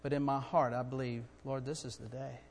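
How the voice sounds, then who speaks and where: A middle-aged man preaching a sermon in a church, earnest and building to loud, urgent storytelling. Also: medium pitch, little pitch movement, a little fast, gravelly, slight background noise. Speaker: guest preacher. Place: church sanctuary. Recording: long hall reverb.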